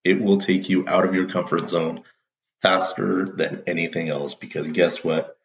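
A man's voice: deep voice, steady tone, normal speed, creaky. A man hosting his own show, telling a playful story in a casual, upbeat monologue. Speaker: show host. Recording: roomy, dull lo-fi audio.

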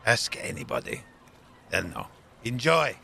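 A man playing a stern, gravelly astronomer. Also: on the low side, wildly swooping pitch, sharp tone, heavily acted. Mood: commanding. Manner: measured, commanding. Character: stern authoritative male court astronomer.

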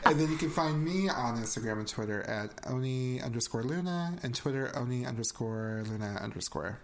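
A woman co-hosting a casual chat podcast, animated, laughing often and swearing freely. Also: extremely low pitch, a little fast. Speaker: podcast co-host.

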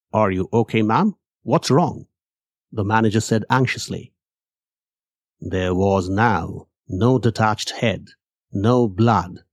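A man narrating a horror story in a measured, dramatic way. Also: on the low side, a little mellow, dry recording, studio quality. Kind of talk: scripted narration.

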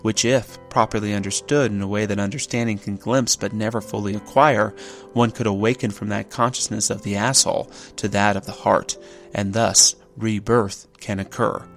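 A man's voice: fairly low pitch, fairly even intonation, normal speed, faint music behind. A man giving a reflective spoken essay, thoughtful and contemplative, who often poses rhetorical questions.

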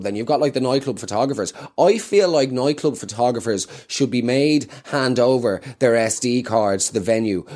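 A man's voice: mid-range voice, darkish tone. A man with a South Dublin Irish accent doing rambling, self-mocking stand-up comedy with plenty of swearing. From Ireland.

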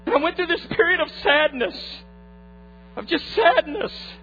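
A man preaching a sermon, retelling a family story and acting out its voices, moving from hushed tones to fervent appeals. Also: very high voice, animated, unhurried. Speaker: pastor. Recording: muffled lo-fi recording with faint hum.

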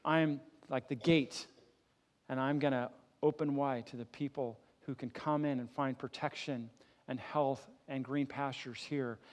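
A man preaching a sermon as pastor, swelling louder for emphasis and dropping low and soft, with casual rhetorical questions. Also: fairly even intonation, measured pace.

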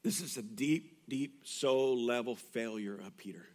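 A male pastor preaching a sermon in a conversational way, moving from hushed, intimate passages to loud, urgent appeals. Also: mid-range voice, measured pace. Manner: conversational, with restarts and asides.

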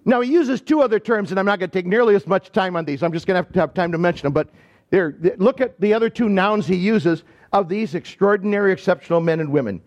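A man from Michigan preaching a sermon to his congregation, telling a story in a conversational, animated way and talking directly to the people. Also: high-pitched, fast, lo-fi sound. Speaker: pastor. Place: church sanctuary.

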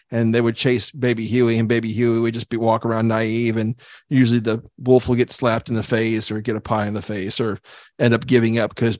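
A man's voice: medium pitch, no room sound, studio quality. A man hosting a podcast in casual, comedic chat, teasing his co-hosts and moving the show along. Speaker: podcast host.

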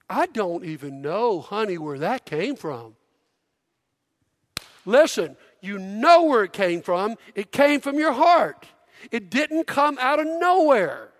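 A middle-aged man preaching a sermon in a church, energetic and conversational, prompting the congregation. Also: very high voice. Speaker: pastor. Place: church auditorium. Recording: long hall reverb.

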